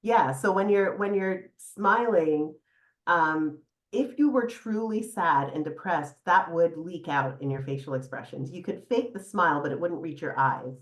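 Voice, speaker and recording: A middle-aged woman psychotherapist talking casually as a podcast guest, animated, laughing now and then as she explains. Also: on the low side, a little slow. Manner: animated, laughs often, guides listener through exercise. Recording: echoey room.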